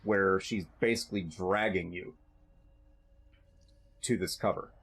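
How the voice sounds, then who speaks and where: A man narrating as game master of a tabletop role-playing game, describing scenes in a halting, conversational way with frequent restarts. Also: low voice, fairly even intonation, a bit bright, husky.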